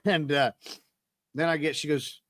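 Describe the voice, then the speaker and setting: Bright-voiced man telling stories. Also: a little high, unhurried, no room sound, clean studio sound. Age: 30s. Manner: rambling, self-deprecating, animated retelling. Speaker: podcast host. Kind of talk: casual storytelling monologue.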